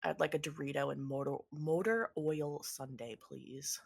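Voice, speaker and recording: Atticus, a woman playing a dead-voiced deadpan girl. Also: high voice, a little slow, husky, voice pushed up, full character voice. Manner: dead, toneless delivery.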